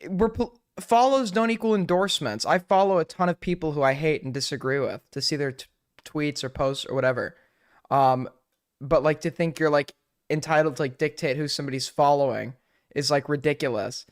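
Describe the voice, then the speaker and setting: A man's voice: on the high side, a little fast. Argumentative man reacting on stream. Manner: argumentative, many "like" fillers. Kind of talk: live reaction commentary.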